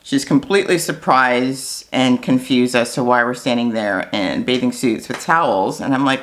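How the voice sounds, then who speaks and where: American woman, vlogger, chatty, animated, talks straight to camera. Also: a bass voice, normal speed, few pauses, slight background noise. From United States. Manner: chatty and animated, with fillers and asides. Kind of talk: casual chat to camera.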